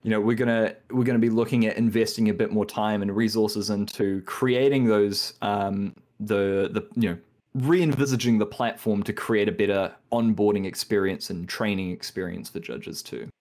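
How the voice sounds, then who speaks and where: A man's voice: fairly low pitch, steady tone, normal speed, darkish tone. A man, a podcast guest who rambles in casual chat and laughs often. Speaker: guest, rules manager.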